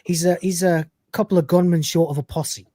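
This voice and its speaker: A man's voice: on the high side, steady tone, fairly quick, mellow, no room sound, studio quality, natural voice. A man voicing a laid-back, easygoing male spacer with a casual, pleading tone.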